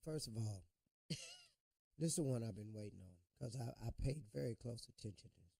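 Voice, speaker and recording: A man's voice: mid-range voice, very animated, normal speed, vocal fry, mellow, slightly rough, dry recording. Impassioned middle-aged male radio host. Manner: impassioned, preachy commentary. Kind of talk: morning radio talk.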